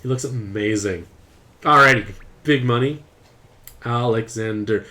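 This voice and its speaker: A young man chatting playfully to his viewers while streaming a mobile game, with excited outbursts. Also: medium pitch, measured pace. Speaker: gaming streamer. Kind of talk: casual game commentary to live chat.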